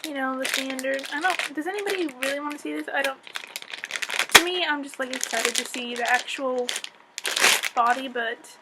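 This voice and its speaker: A young woman vlogging a casual unboxing, chatty and self-deprecating, teary and close to crying with excitement. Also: sits high, moderate pace, heavy background noise.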